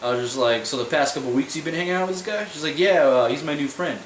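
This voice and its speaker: A man's voice: on the high side, lively intonation, fast. A young man telling a story in a casual vlog, rambling and swearing, leaning on "I was like" over and over. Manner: rambling, profane, repeats "I was like" a lot. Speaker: vlogger. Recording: echoey room, mic at a distance, faint noise.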